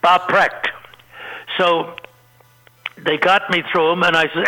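A man's voice: high voice, flat delivery, takes it slowly, pauses often, bright, forceful tone, rough recording. An older man, a comedian being interviewed, telling rambling anecdotes and laughing at his own punchlines. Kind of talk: anecdotal storytelling.

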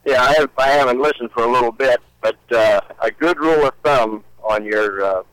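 A halting male radio caller. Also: mid-range voice, fairly bright tone, smooth, no room sound, poor audio. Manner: halting, repeats words. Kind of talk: phoned-in radio call.

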